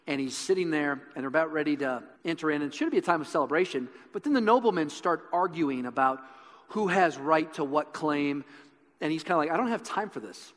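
A man preaches a sermon, telling a story with earnest conviction. His voice sits a bit higher than most men's. The talk rings with a long reverb from a large hall. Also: brisk. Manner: earnest storytelling, building intensity.

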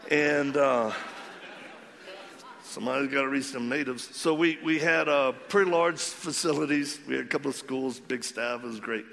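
A man preaching a storytelling sermon, animated and acting out the voices of the people in his story. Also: medium pitch, moderate pace, creaky, long reverb tail. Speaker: ministry leader speaking to men.

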